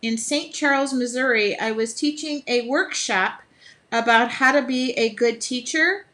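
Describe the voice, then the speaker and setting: A woman's voice: fairly high pitch, unhurried, pushed and bright. An American woman from the Midwest, hosting a casual live stream while she paints, chatting with viewers, laughing often and breaking into bits of song. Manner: chatty, laughs often, sings snatches of songs; reads viewer comments aloud.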